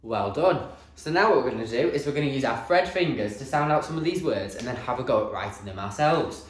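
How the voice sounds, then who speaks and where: A man teaching a phonics lesson to young children, slowly sounding out letters in an encouraging, sing-song way. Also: medium pitch, expressive, echoey room. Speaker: primary school teacher.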